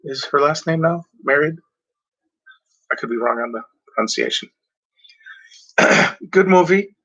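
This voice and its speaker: A man talking casually about movies, rambling and halting, often clearing his throat and filling pauses. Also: on the high side, lively intonation, sharp tone, poor audio. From Mexico. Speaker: movie reviewer. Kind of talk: casual movie talk, reading back covers.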